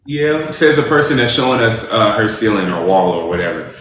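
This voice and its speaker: A man's voice: lowish voice, expressive, fairly quick, fairly bright tone. A young man co-hosting a livestream, upbeat and self-assured in casual chat. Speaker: livestream co-host. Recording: very echoey room with noticeable noise.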